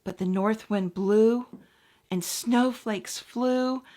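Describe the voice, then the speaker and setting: A woman minister reading a children's story aloud to her congregation with expressive, gentle delivery. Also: a little high, slow pace.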